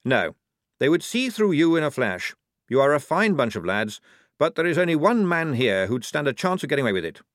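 A man's voice: on the high side, sing-song, brisk, no room sound, clean studio sound, voice pushed up. A man voicing an eager, naive, upper-class young male lieutenant, in a raised, chirpy voice. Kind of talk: audiobook character voice.

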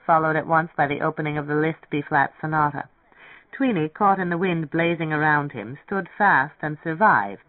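A narrator giving a measured, steady reading of a novel. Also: mid-range voice, no echo. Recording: tinny, dry radio broadcast.

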